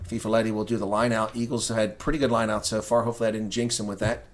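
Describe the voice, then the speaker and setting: A man giving live reaction play-by-play commentary of a rugby match for his stream, shifting from calm calling to loud outbursts and answering viewers in chat. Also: on the low side, racing. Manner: excitable, swings from calm calling to loud outrage; talks to chat viewers between plays.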